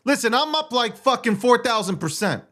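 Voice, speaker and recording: Hosting a livestream, this man delivers an intense, profane, repetitive rant. His voice is very high-pitched and sing-song, a bit bright, at a normal speed.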